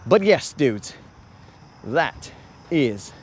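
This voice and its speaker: A man's voice: medium pitch, big pitch swings, drawn-out words, a little hiss or hum. Man rambling jokingly on a boat. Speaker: fishing livestream host. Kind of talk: casual rambling livestream chat. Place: on a boat on a lake, outdoors.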